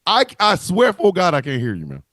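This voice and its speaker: A man's voice: high-pitched, brisk, no room sound. A man co-hosting a wrestling talk livestream, joking and cursing in casual banter over a video call. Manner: profane, joking, animated.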